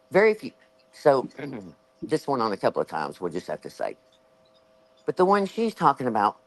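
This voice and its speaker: A woman with a Southern US accent, hosting a show and telling a story in casual chat, animated and acting out the voices she quotes. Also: very deep voice, poor audio. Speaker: show host.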